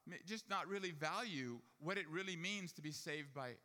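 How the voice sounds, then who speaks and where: Male preacher, storytelling sermon, bright forceful tone, long hall echo. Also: a little high, moderate pace. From Jewish family upbringing. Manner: storytelling, rising to emphatic preaching.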